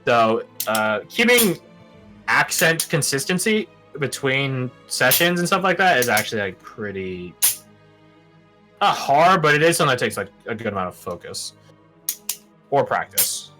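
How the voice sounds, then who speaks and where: A man in loose, chatty conversation with his role-play group. His voice is bright and forceful, and his pitch jumps around a lot as he gets animated. He swears casually and breaks into laughs. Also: a little slow, faint music behind, rough recording. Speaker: tabletop role-play player. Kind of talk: casual chat.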